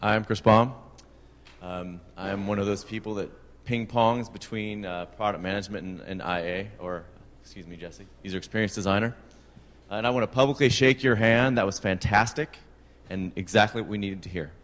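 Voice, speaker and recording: A man's voice: lowish voice, normal speed, fairly bright tone. A man making reflective remarks at a conference open mic, with fillers. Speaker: conference attendee. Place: large conference room. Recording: long hall reverb.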